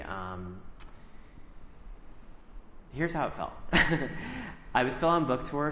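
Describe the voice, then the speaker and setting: A middle-aged man speaks onstage in a large hall, his voice carrying a long, roomy echo. He recounts his own story openly and acts out his past words, at an ordinary pitch. A faint hum sits behind him. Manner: animated, acts out his own past lines, laughs often. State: briefly emotional. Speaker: author and actor, keynote guest. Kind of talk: onstage conversation, personal storytelling.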